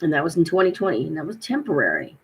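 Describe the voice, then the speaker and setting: Woman, casual vlogger, slightly husky, lively storyteller who acts out both sides of a call. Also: low voice, very fast. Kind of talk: casual personal vlog.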